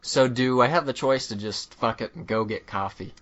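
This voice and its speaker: A man plays along in a comedic story game on a podcast, joking, laughing often and talking his decisions through out loud. His voice is bright. The audio is a little muffled and lo-fi. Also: medium pitch, normal speed. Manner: playful, laughs often, thinks aloud. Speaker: player.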